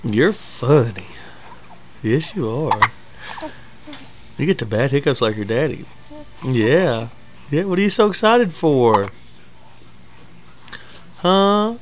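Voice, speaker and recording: A woman's voice: a bass voice, expressive, takes it slowly, pauses often, dull audio, slight background noise. A mother talking doting, sing-song baby talk to her infant son at home.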